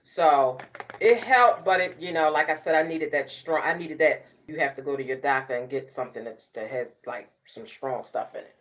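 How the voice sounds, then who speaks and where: Woman, middle-aged, casual vlog chat, sassy, loud, laughing, cussing. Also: low-pitched, moderate pace, highs cut off. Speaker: beauty vlogger.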